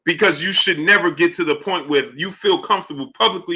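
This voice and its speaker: A man's voice: fairly high pitch, brisk, slightly rough. A man hosting a boxing live stream, greeting chat viewers by name between emphatic, questioning commentary. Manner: shouts out chat names between points, rising emphatic questions. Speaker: boxing channel host.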